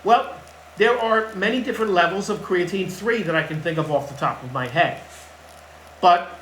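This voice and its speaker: Blunt male fitness coach who hammers home his points, a little higher-pitched, recorded in a roomy space. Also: fairly bright tone, a little hiss or hum. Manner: blunt, emphatic, repeats key points. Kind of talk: casual advice talk to camera. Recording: echoey room with faint ambience.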